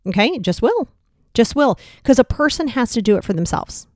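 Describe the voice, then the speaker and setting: Brisk and full of big pitch swings, a woman with a fairly high voice runs a solo motivational podcast. She's blunt and direct, with casual mild swearing and a stream of rhetorical questions. The studio sound is clean and dry.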